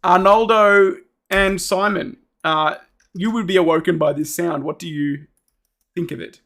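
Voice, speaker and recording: A man's voice: high-pitched, unhurried, gravelly, a bit bright. A man running a tabletop game as game master, narrating loosely with laughs.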